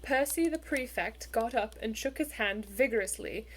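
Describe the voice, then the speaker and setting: A woman narrating a children's storybook in an expressive, measured way. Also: fairly high pitch, slight background noise. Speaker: audiobook reader.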